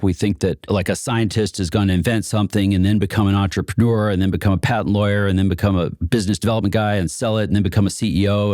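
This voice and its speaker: In a clean studio recording with no echo, a man with a lowish, slightly mellow voice is interviewed about inventors, whom he supports. His storytelling is loose and chatty, peppered with laughter, fillers, and restarts.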